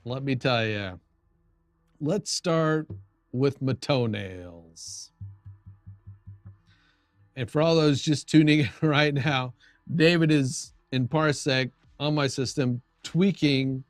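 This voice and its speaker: An unhurried man hosts a live stream, chatting loosely with viewers and trailing off mid-sentence as he fiddles with his gear. His voice sits in a middle register and sounds dry and close, with faint music underneath. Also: mid-range voice, dry recording. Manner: rambling, with frequent restarts and chatting to viewers. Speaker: livestream host. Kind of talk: casual live-stream chat.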